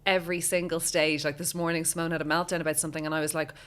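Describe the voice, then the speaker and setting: A woman hosting a podcast interview, chatting casually in quick, rambling bursts. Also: low-pitched, flat delivery, fairly bright tone. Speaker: podcast host.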